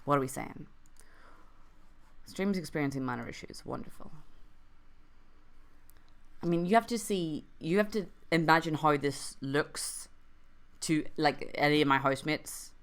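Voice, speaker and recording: A woman's voice: low-pitched, unhurried, pauses often. A young adult woman streaming an improvised interactive story and chatting with viewers, with wry, self-mocking asides.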